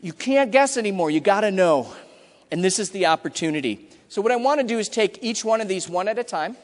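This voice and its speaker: A high-pitched man delivers a punchy, emphatic keynote in a large hall with long reverb. He is middle-aged and acts out customer quotes in quick asides. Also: animated. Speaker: conference keynote speaker. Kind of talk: energetic conference talk. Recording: hall reverb from a big room.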